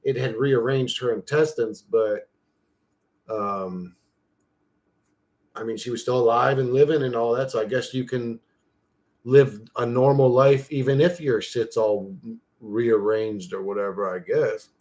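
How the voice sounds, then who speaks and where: A man's voice: medium pitch, unhurried, darkish tone. A man hosting his own channel, chatting loosely and profanely to himself while he tinkers at his computer. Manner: loose, profane, talks to himself while clicking through an image generator. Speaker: channel host. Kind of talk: casual rambling chat.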